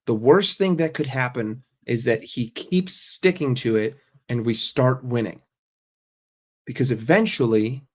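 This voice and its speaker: A man hosting a casual livestream, reading chat messages and ranting bluntly and sarcastically with frequent swearing. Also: medium pitch. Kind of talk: casual livestream fan rant.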